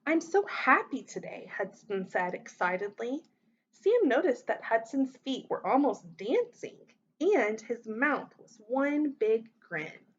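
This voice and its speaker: A woman teacher reading a children's story aloud, voicing the characters with big expressive lifts in pitch. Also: slow pace, muffled recording.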